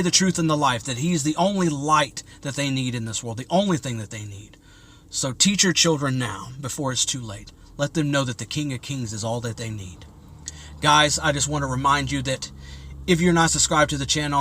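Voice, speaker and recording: A man's voice: mid-range voice, bright, forceful tone. A man vlogging in an agitated, preachy way, repeating himself as he reads out and rants about an article. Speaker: religious vlogger. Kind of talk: impassioned commentary to camera.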